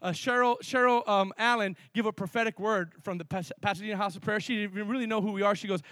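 A male pastor preaching a sermon with energy, mixing sudden loud emphasis with quick asides. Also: sits high, steady tone, dry recording.

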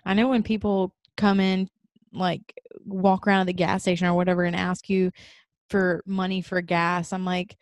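A woman co-hosting a podcast, telling a story in halting bursts full of "like" and restarts. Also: on the low side, flat delivery, dry recording. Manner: halting, filler-heavy storytelling. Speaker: podcast co-host. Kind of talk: casual chat.

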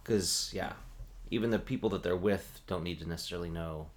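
A man's voice: deep voice, brisk, slight background noise. A man who works as a bartender, chatting casually and acting out the people in his stories, with lots of filler words. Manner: animated storyteller, acts out quoted voices, heavy "like" filler. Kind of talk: casual chat.

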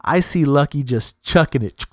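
A man's voice: on the high side, normal speed, no room sound, clean studio sound. A man telling a long story in casual talk, swearing a lot and jumping into other people's voices as he quotes them. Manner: profane, animated, jumps into other people's voices.

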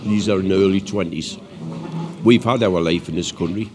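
A man's voice: low voice, normal speed, crowd noise. A man in his seventies, a pensioner, gives plainspoken opinions in a street interview outdoors on a hill pass. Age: 70s.

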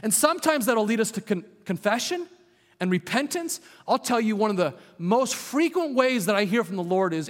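Man, pastor, sermon, earnest, high voice, hushed on key points, long church reverb. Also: big pitch swings, normal speed.

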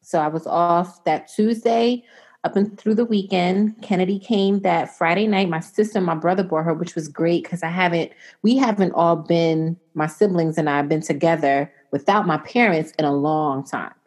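A woman's voice: fairly low pitch, normal speed. A young adult woman chatting casually and telling a long story, acting out what people said. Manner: animated storyteller, quotes herself and others in voices.

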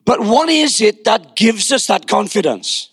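An older pastor preaches a sermon, telling stories and dropping wry asides, often repeating words as he builds a point. His voice sits high for a man and sounds close and dry, with no room echo. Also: sing-song, unhurried, fairly bright tone, breathy edge.

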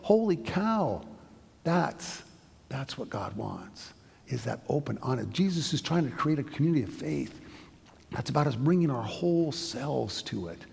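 A husky, gravelly middle-aged man giving a sermon as a pastor. He tells stories in a loose, conversational way, often restarting his sentences. His voice rings out with a long reverb, as in a large hall. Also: mid-range voice, lively intonation, normal speed, darkish tone. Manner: conversational storytelling with frequent restarts.

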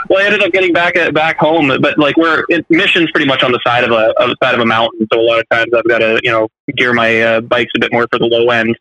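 A man chatting casually and rambling through stories with plenty of fillers. He talks fast with a bright, tense edge. The sound is dry and close, with no room around it. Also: mid-range voice, fairly even intonation, dry recording, poor audio. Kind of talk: casual chat.

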